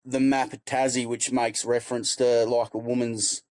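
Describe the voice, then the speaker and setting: A man from Tasmania with an Australian accent, a guest comedian chatting in a relaxed, easygoing way. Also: medium pitch, moderate pace, dry recording. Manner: relaxed, easygoing, says "mate" often. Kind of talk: casual interview chat.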